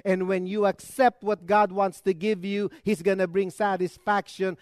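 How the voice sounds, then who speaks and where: A man with a fairly high voice preaches to his congregation, swinging between loud emphatic lines and quiet, low asides. The sound is dry and close, with little room around it. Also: level tone, normal speed, no echo. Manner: preaching with dramatic rises and drops, conversational asides. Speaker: pastor. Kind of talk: sermon.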